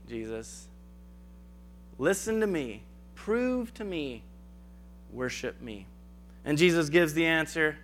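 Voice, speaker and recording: A man's voice: fairly high pitch, sing-song, slow, pauses often, fairly bright tone, faint music behind. A man giving a conversational sermon, acting out biblical dialogue in casual asides. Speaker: preacher.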